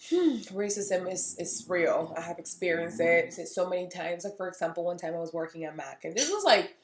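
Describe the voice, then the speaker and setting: Her fairly low voice has lively intonation and a moderate pace as this thirtysomething beauty vlogger candidly recounts stories to camera, playing both parts of the conversations in a casual monologue. The sound is reverberant, with a little hiss or hum.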